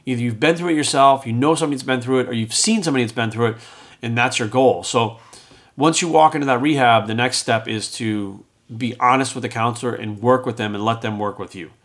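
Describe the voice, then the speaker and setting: A middle-aged man, a fitness coach who hosts a podcast, rambles through a personal story in casual monologue, acting out what the people in it said. His voice is medium in pitch and fairly bright, and he talks fast.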